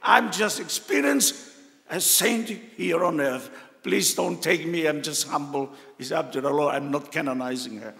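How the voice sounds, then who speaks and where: An older man with a Tongan accent, a cardinal telling a personal story with heartfelt emotion and pauses. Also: fairly high pitch, creaky, fairly bright tone, big-room sound. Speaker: cardinal giving a talk. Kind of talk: personal testimony talk.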